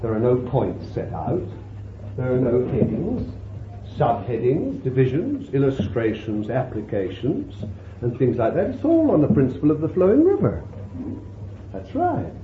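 A man preaching a sermon in an unhurried way, often chuckling as he explains. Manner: slow, unhurried preaching with lively pitch and warm chuckles. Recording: roomy, tinny phone-like sound with faint hiss.

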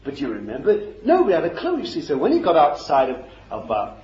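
Fervent high-voiced man preaching. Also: wildly swooping pitch, fast, a little mellow. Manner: fervent, emphatic, repeats phrases. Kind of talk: sermon. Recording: echoey, dull lo-fi recording.

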